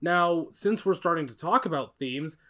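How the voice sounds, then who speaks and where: A man co-hosting a casual podcast chat, animated and steering the topics. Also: fairly high pitch, moderate pace. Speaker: podcast co-host.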